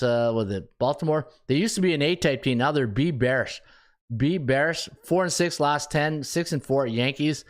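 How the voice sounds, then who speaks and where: With a mid-range voice, a Canadian sports betting podcaster talks casually. He thinks through the numbers aloud, tossing in jokes aimed at himself.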